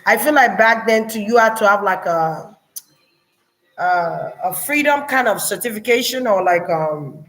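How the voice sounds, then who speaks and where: Slow-talking woman musing through a spiritual reading. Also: medium pitch, lively intonation, fairly bright tone, faint music behind, low-quality recording. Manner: slow, musing, with frequent fillers and restarts. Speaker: spiritual channeler. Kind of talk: casual spiritual reading vlog.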